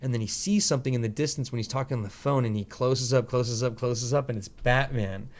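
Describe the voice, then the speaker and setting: A male podcast host at a middling pitch who talks casually and at length. He rambles through animated retellings of scenes, peppering them with fillers, mild profanity and quick impressions.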